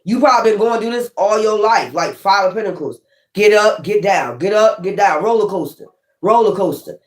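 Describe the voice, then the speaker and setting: A woman's voice: mid-range voice, lively intonation, moderate pace. Woman doing a tarot reading, cussing a lot, says stuff twice, echoey room. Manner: profane, emphatic and repetitive. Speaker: tarot reader. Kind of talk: casual spiritual tarot reading.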